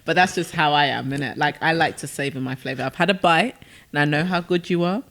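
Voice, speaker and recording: A woman, co-hosting a podcast and telling lively stories in casual, slangy chat. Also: low voice, fast talker. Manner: animated storyteller with slang, many restarts. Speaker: podcast co-host.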